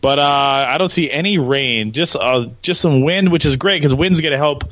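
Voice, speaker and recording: A man's voice: a little high, normal speed, a bit bright, dry recording, poor audio. A man co-hosting a casual sports podcast, from Minnesota, loose and jokey, with a lot of uh and restarts. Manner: loose and jokey, hesitant with many uhs. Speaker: podcast co-host.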